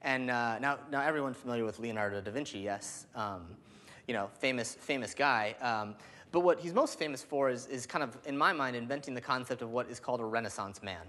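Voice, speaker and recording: A man in his thirties giving an energetic keynote speech, with lots of "um" and "like" fillers. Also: medium pitch, brisk. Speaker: keynote speaker. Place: large hall. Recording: long hall reverb.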